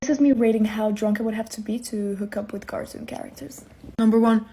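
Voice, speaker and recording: A woman's voice: mid-range voice, little pitch movement, brisk, very noisy. A woman doing a playful comedic short-video bit, counting down silly lists and giggling as she goes. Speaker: TikTok creator.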